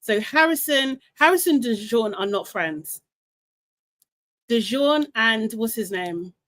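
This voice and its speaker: Chatty woman hosting a live recap. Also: on the high side. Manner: chatty and animated, laughing, reading out chat comments. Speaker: live show host. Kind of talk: casual live recap chat.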